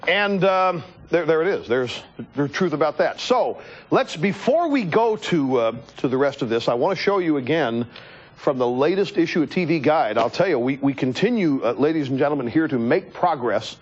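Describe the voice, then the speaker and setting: High, animated male talk show host. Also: moderate pace, husky. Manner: animated, joking, talks to the crew and the audience. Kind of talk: political talk show monologue. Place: TV studio. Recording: dull lo-fi TV broadcast.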